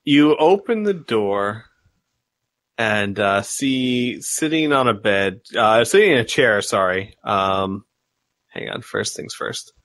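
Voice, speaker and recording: A man running a tabletop game as game master, describing scenes in a halting way with many fillers. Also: on the low side, expressive, a bit bright, no echo.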